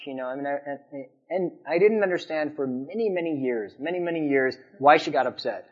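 Man, conversational preacher, somewhat high voice, muffled lo-fi sound. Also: lively intonation, brisk. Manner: conversational, anecdotal, asks the audience questions. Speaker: Islamic preacher. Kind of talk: sermon. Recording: dull lo-fi recording.

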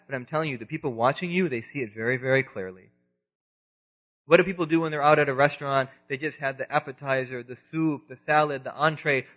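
A man's voice: a little high, a bit bright. A man giving an Islamic sermon, earnest and emphatic, sometimes acting out the voices he quotes. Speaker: preacher. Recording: dull lo-fi sound.

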